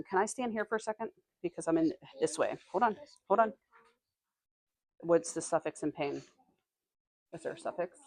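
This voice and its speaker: A woman teaching a classroom reading lesson, reading passages aloud slowly and stopping to quiz her students. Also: lowish voice, no room sound.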